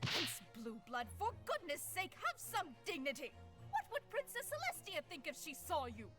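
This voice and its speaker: A woman voicing a stern, formal pony headmistress on a high council, in a fan-made game. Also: wildly swooping pitch, moderate pace, fairly bright tone, heavily acted. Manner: formal, prim. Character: stern, proper pony headmistress, middle-aged. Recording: game audio with music behind.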